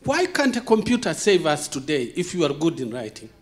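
A man with a first language other than English gives an impassioned conference talk, full of repeated rhetorical questions and dramatic pauses. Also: fairly high pitch, very animated. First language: not English. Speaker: conference speaker. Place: conference hall.

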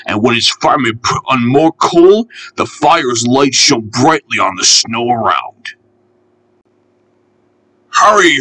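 Guy reading kids' train stories, bright sharp voice, bit husky, dry close sound. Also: no room sound, low-quality recording. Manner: lively, voices each engine with higher pitch. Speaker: storyteller. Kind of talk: storybook narration with character voices.

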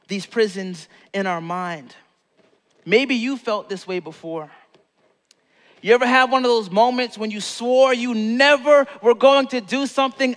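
A man's voice: sits high, fairly bright tone, long reverb tail. A man preaching a sermon as pastor, telling a story playfully and acting out the quotes.

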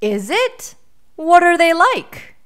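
A woman's voice: mid-range voice, very animated, takes it slowly, a bit bright. A woman doing a kind, cheerful storybook bear. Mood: kindly. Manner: reassuring, cheerful. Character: friendly male bear, kind and calm.

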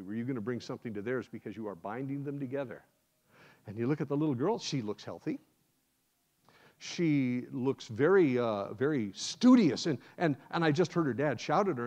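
An American man, a guest preacher, telling a sermon as a lively first-person story. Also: medium pitch. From United States. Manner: animated, acts out scenes in first person. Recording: dull lo-fi sound.

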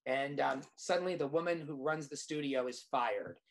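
A man, a screenwriter guest, telling a lively anecdote in casual chat, with restarts and quoted dialogue. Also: mid-range voice, normal speed. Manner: animated anecdote teller, restarts.

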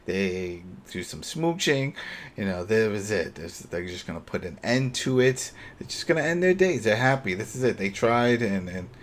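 A podcast co-host with a lowish voice chats casually at a moderate pace, retelling scenes and animatedly acting out the characters' lines as he goes. A little hiss or hum sits under the recording.

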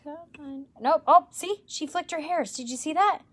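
A woman educator presenting tarantulas in a live stream, enthusiastic and gentle, cooing at the animals. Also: high voice, moderate pace. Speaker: insect zoo educator. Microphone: livestream camera mic.

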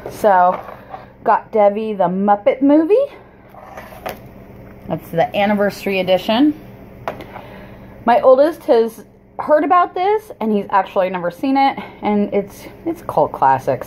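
This woman's mid-range voice swings widely in pitch and has a darkish tone, with a little hiss or hum present. She narrates a shopping haul vlog from her cluttered home, rambling chattily, apologizing, and stopping and restarting often.

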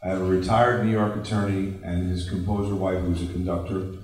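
Low-voiced male investor, animated anecdotes, recorded far off in a roomy space. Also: brisk. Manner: animated storyteller, jokey asides. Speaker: real estate investor panelist. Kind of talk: round table discussion. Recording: echoey room, distant mic.

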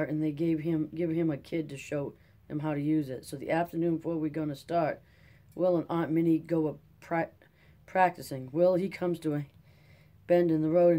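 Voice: mid-range voice, fairly even intonation, moderate pace, dark tone, lightly acted. A reader voicing a rambling old Dust Bowl farmer. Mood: rueful. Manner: rambling folksy drawl. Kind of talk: audiobook character reading.

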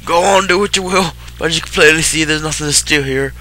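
Casting: cranky old turtle villager, voiced by a man, pitched up, brassy, old-timer drawl. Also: quick pace, sharp tone. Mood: fearful. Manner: dramatic, indignant, old-timer phrasing. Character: fretful suspicious old male Koopa turtle villager. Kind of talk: voicing game dialogue during a let's play.

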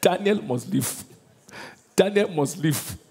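A Nigerian man preaching with a high, lively voice that swings widely in pitch, calling questions out to his congregation. His tone is husky, and a long reverb from the big church hall trails each phrase. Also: takes it slowly. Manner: animated call-and-response preaching. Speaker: pastor. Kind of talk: sermon. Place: large church auditorium.

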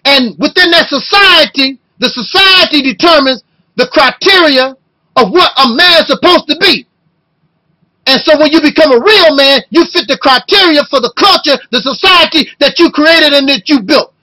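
A man in his fifties delivering an impassioned video rant, talking loud and emotional and firing off rhetorical questions. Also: extremely high pitch, moderate pace, low-quality recording. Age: 50s. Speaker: video blogger.

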